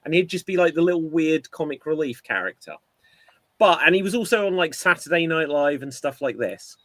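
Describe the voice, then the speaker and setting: A man co-hosting a casual podcast chat, telling an animated story and acting out quotes. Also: a little high, fairly quick, no echo. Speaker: podcast co-host.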